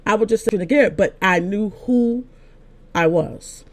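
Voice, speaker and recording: A woman's voice: medium pitch, normal speed. An older woman, an apostle and pastor, preaching a sermon as a personal story, talking conversationally with frequent restarts and building to emphatic points. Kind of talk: sermon told as personal testimony.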